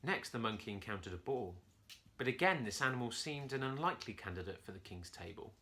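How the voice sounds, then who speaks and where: A man's voice: medium pitch, animated, brisk, bright, forceful tone. A man from a church, reading a bedtime story expressively to children.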